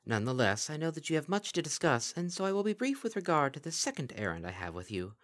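A man's voice: fairly high pitch, big pitch swings, quick pace, a bit bright, pitched above the performer's own voice. A man voicing a regal winged princess in a storybook reading, speaking in a formal, archaic manner. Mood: regal calm. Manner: archaic formal speech, dignified.

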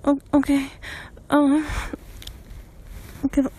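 Stuttering breathy high-voiced woman. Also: completely flat delivery, extremely slow, dark tone. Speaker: submissive pleading to a partner. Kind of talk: erotic audio role-play.

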